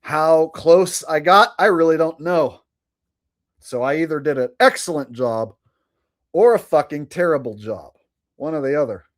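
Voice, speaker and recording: A man's voice: on the high side, expressive, measured pace. A man hosting a livestream, chatting casually with viewers in a rambling way, laughing and swearing now and then. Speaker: livestream host.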